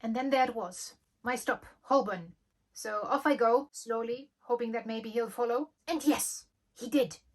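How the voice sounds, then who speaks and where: Young woman vlogger, slightly high voice, lively storyteller. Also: a little slow. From Germany. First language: German. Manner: lively storytelling, acting out quoted dialogue. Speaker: channel host. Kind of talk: storytime vlog.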